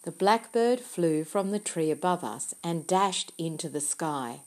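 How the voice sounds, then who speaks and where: A woman reading a novel aloud in the first person, with quiet, measured storytelling. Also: lowish voice, lively intonation. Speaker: audiobook narrator. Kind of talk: first-person audiobook narration.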